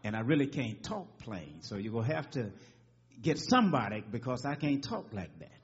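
A man's voice: mid-range voice, very animated, moderate pace. A man voicing Moses in a sermon, stuttering and tripping over his words. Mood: pleading. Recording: dull lo-fi recording.

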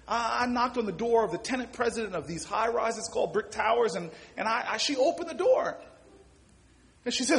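A man giving an impassioned motivational speech, telling stories and repeating words as he builds. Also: extremely high pitch. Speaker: public speaker.

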